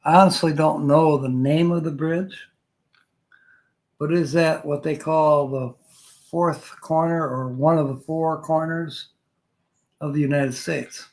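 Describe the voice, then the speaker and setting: A man's voice: a little high, fairly even intonation, slow pace, pauses often, a little mellow, low-quality recording. An older man hosting a casual live stream, reading viewer comments aloud and joking with a frequent chuckle.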